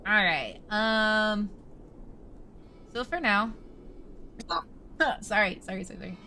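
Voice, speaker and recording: A woman's voice: mid-range voice, slow pace, bright, forceful tone, slight background noise. A woman streamer in casual live-stream chat with viewers, chatty and thinking aloud, swearing casually.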